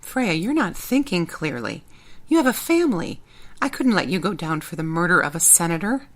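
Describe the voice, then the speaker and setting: Woman as steady spy friend, low voice, patient, reassuring. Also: normal speed. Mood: calm. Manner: patient, soothing, matter-of-fact. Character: calm, worried female spy and loyal friend.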